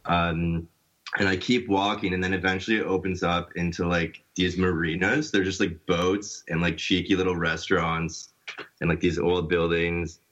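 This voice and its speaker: A man's voice: deep voice, flat delivery, moderate pace, fairly bright tone. A man with a Canadian accent chatting casually, rambling and filling his speech with "like". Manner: rambling, heavy use of "like". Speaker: podcast guest. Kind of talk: casual chat. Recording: dull lo-fi sound.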